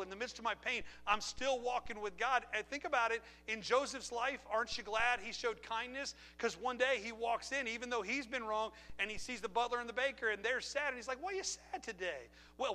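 Pastor, male, lively pulpit sermon, high and very bright tone, church mic. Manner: animated preaching with laughs and asides. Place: church sanctuary. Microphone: handheld or pulpit mic.

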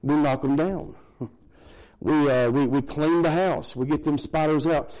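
A man's voice: on the high side, fairly even intonation, unhurried, a little mellow, poor audio. A middle-aged man preaching a sermon in a folksy, conversational way, chuckling between points. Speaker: pastor.

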